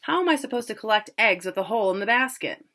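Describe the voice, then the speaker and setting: A woman's voice: on the high side, animated, fast talker, sharp tone, pitched above the performer's own voice. A woman voicing a proud, cocky young man, the older brother home from college.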